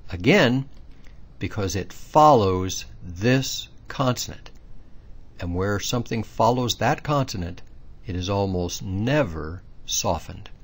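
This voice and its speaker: A man with a low, slightly husky voice teaches a pronunciation lesson. He sets out each rule and its exceptions patiently and methodically, stressing the words that matter. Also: animated, slow. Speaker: language teacher. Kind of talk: explanatory lesson.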